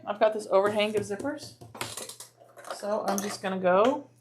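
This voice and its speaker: A woman hosts a live sewing stream from her home crafting room, making bags and chatting casually with viewers as she works. She is chatty, drops to soft asides and uses playful voices. Her mid-range voice is steady at a normal speed, with a little hiss or hum.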